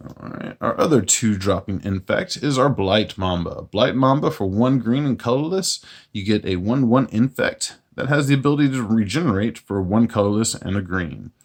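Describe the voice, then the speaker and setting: A man hosting his own channel, walking through a card game deck in a relaxed, plain-spoken way with self-mocking jokes. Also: lowish voice, normal speed, few pauses. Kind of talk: casual deck walkthrough.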